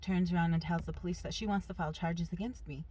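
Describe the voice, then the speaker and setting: A woman vlogger telling a personal story in a casual, animated and emphatic way. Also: fairly low pitch, fast talker, husky.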